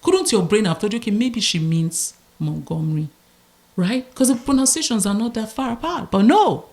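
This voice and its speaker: A woman's voice: mid-range voice, moderate pace, vocal fry. A woman with a Nigerian accent, co-hosting a podcast, telling stories casually and acting out the voices she quotes. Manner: expressive, acts out quotes. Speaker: podcast co-host. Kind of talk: casual storytelling chat.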